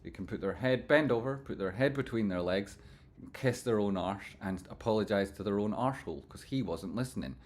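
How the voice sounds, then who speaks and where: Scottish male stream host, lower voice, reads chat, swears casually, swings loud to soft. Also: brisk. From Scotland. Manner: chatty, swears freely, swings from loud jokey outbursts to soft sincere asides. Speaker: livestream host reading chat.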